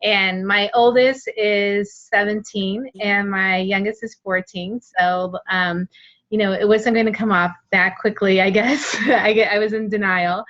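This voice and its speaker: A woman's voice: medium pitch, steady tone, unhurried, a bit bright. Woman, 40s, candid personal testimony, rambling with fillers, dull lo-fi recording. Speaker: guest sharing her story. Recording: dull lo-fi sound.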